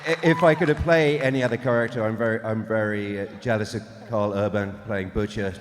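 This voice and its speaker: A man on a convention panel speaking in a relaxed, halting way. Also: lowish voice, long reverb tail, a faint crowd. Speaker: actor on a panel. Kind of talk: casual panel talk.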